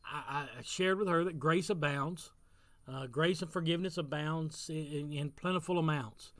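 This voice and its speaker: A man's voice: on the high side, moderate pace, fairly bright tone, dry recording. A man giving a casual devotional talk as pastor, telling a story in an earnest way and repeating phrases for emphasis.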